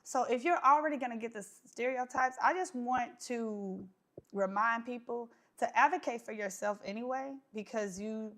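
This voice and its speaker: A woman's voice: a little high, normal speed, a bit bright. A woman hosting a casual live chat, outspoken and conversational. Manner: outspoken, conversational with filler words. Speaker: host of a live stream.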